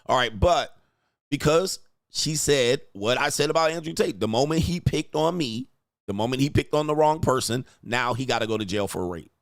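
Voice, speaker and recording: A man's voice: medium pitch, animated, moderate pace, no room sound, studio quality. A man commenting bluntly and crudely on a video clip while streaming, laughing often.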